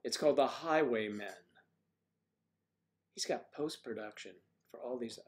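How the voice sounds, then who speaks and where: An older man hosting a livestream, chatting casually and rambling, thinking aloud with frequent pauses. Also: mid-range voice. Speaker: livestream host.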